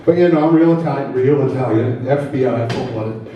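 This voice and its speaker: In a mid-range voice at a brisk pace, a stand-up comic from New Jersey works a comedy club crowd, chatting, poking fun at himself, and teasing the audience. The audio is dull with a bit of hiss or hum, captured from a distance in an echoey club.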